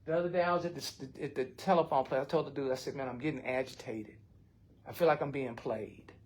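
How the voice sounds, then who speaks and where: A man's voice: mid-range voice, fairly even intonation, brisk. An older man, speaking bluntly and with heart in a recovery support circle, often swearing. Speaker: recovery group member.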